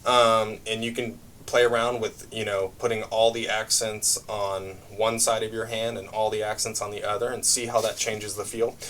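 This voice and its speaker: A man teaching a brush drumming lesson, explaining patterns step by step in a relaxed way with frequent fillers. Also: on the low side, moderate pace, few pauses, a little hiss or hum. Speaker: music teacher. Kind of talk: drum lesson demonstration.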